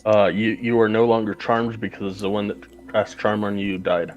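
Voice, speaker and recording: A man's voice: lowish voice, steady tone, moderate pace, muffled recording, slight background noise. A man running a tabletop game as game master, talking with hesitant fillers.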